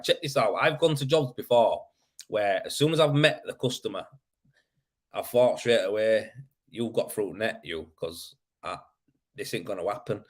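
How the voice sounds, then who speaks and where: A man's voice: mid-range voice, fairly bright tone. A man hosting a casual live show, talking loosely and swearing. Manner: swearing, mate-heavy and chatty. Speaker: podcast host. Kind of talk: casual live-stream chat.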